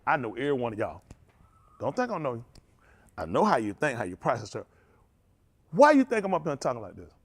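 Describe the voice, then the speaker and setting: Animated preacher man with a high, swooping voice. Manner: animated, confrontational preaching with congregation call-outs. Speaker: pastor. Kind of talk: sermon.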